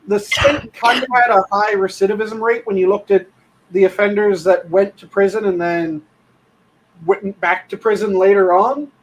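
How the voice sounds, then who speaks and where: A man with a high voice talks in casual podcast chat. He is blunt and swears freely. He explains his points at length. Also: poor audio. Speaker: podcast co-host.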